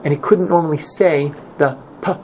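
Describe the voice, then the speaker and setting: A man teaching an informal Torah class, animated and repeating his points for emphasis. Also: fairly high pitch, normal speed. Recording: dull lo-fi recording, faint noise.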